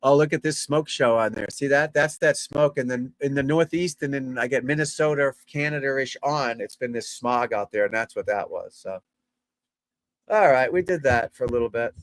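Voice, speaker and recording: A man at mid pitch gives casual livestream golf commentary. He talks bluntly and freely, swears, and speaks to viewers as folks and guys. His voice is close and dry, with no room sound behind it. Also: normal speed, no echo. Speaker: golf instructor hosting a livestream.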